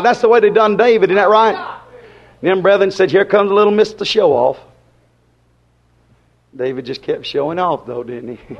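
A high-pitched man preaches, folksy and dramatic. He swings from loud to soft and plays out voices as he goes. The recording sounds dull and lo-fi. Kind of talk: sermon.

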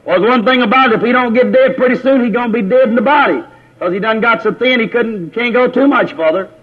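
A man's voice: extremely high pitch, fast talker. A man preaching a sermon, repeating his points and putting questions to the congregation, calling on brothers by name. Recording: tinny lo-fi phone-like recording.

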